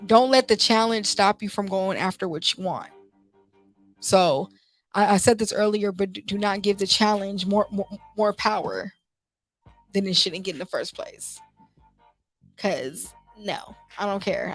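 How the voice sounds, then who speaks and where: A woman's voice: medium pitch, no echo. A young woman host, talking in a heartfelt, conversational way with many restarts. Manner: heartfelt, conversational, lots of "you know" and restarts. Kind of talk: casual motivational talk show. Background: faint music.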